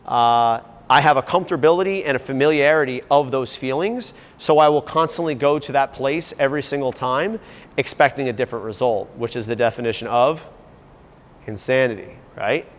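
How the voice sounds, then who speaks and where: A man's voice: mid-range voice, brisk. Man, fitness coach, earnest, rambling, talks to a group, long echo in a gym. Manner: earnest, rambling, asks the audience questions. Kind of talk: motivational talk to a group.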